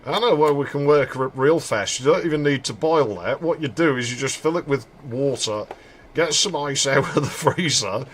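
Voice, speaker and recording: A man's voice: mid-range voice, normal speed, a bit bright, slight background noise. A man giving joking, rambling commentary while playing a game. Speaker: streamer. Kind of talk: casual gameplay commentary.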